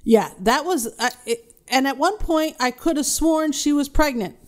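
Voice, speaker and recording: A woman's voice: high-pitched, normal speed, a little mellow. A woman co-hosting a casual podcast, chatty, sometimes reading out facts. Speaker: podcast co-host. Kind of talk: casual chat.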